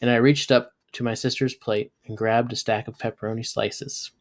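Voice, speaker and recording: A man, a teacher, reading a novel aloud and bringing the dialogue to life with sudden jumps in pitch and loudness. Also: normal speed. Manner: lively, voices characters with jumps in pitch and loudness. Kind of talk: read-aloud storytelling.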